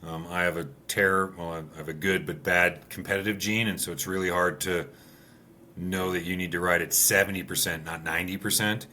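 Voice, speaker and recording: A deep-voiced man recounts desert rally stories in a relaxed, meandering way, leaning on "you know" and "right". His tone is bright and forceful. A faint noise sits under the voice. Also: a little fast. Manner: relaxed storyteller, many fillers like "you know". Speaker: former rally racer and guest. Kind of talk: casual conversation.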